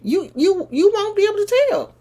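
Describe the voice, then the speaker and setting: A middle-aged woman, casually telling a personal story straight to her viewers in an animated, chatty way. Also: very high-pitched, normal speed. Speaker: vlogger.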